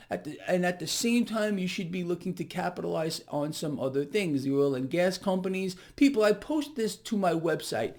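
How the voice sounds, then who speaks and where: A man's voice: high-pitched, darkish tone. A man giving direct-to-camera market commentary, emphatic and sarcastic, with lots of fillers.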